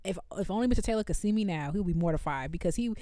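Fast-talking young woman co-host. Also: fairly low pitch, dry recording, studio quality. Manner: fast-talking, animated, laughs often. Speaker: podcast co-host. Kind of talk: casual chat.

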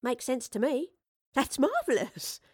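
A woman's voice: high voice, sing-song, unhurried, breathy edge, no echo, studio quality, voice pushed up, full character voice. Lady reading as a cheeky girl, blunt and defiant, voice jumps all over. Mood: eager. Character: feisty streetwise young London girl.

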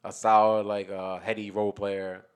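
A man with a fairly low voice talks sports on a podcast in a loose, rambling way. He restarts sentences and works his ideas out aloud as he goes. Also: flat delivery, normal speed. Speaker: podcast co-host. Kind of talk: casual sports talk.

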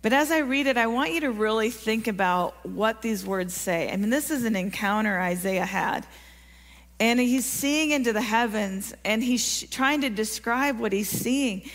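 A woman's voice: fairly high pitch, normal speed. A woman preaching a sermon to a church congregation, earnest and encouraging, often asking the listeners questions. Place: church sanctuary. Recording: long reverb of a large hall.

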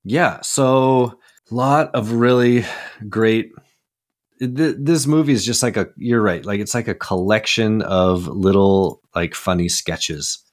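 A man's voice: lowish voice, slow. A man co-hosting a film podcast, talking casually with plenty of "like" and "you know" fillers. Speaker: podcast co-host.

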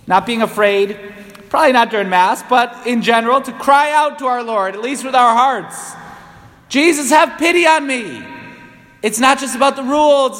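Priest, New England accent, high-pitched, conversational homily, church reverb. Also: male voice, a bit bright. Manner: conversational, rising into impassioned cries.

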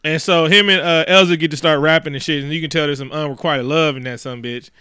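A man's voice: a little high, fairly even intonation, sharp tone, clear, resonant tone, dry recording, studio quality. A man casually recapping an old film for laughs, profane and joking, acting out the characters as he goes. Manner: profane, joking, acts out characters in quick voices. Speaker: podcast co-host recapping a film. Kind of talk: casual comedic movie recap.

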